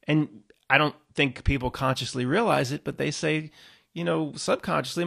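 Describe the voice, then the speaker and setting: A man hosting his own channel, talking casually and rambling to viewers, restarting often and jumping from low mutters to loud emphatic bursts. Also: expressive, moderate pace, creaky. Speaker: YouTube channel host.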